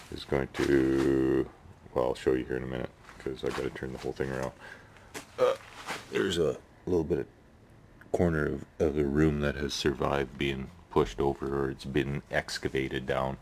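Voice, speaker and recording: A man's voice: extremely low pitch, vocal fry, a little hiss or hum. A man rambling casually about his neighbors and his hobby build in his workshop, tagging sentences with "eh". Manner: rambling, chatty, tags sentences with "eh". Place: home workshop shed.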